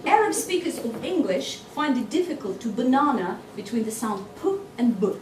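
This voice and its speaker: A woman training teachers in a workshop lecture, lively and constantly quizzing her audience with quick questions. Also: a little high, crowd noise. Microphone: distant mic. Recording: echoey hall from far off, noisy.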